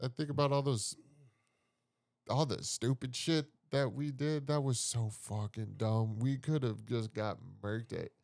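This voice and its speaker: A man's voice: medium pitch, steady tone, measured pace, vocal fry, darkish tone, no echo. A man co-hosting a podcast, chatting casually as a laid-back, agreeable listener. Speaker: podcast co-host. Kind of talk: casual chat.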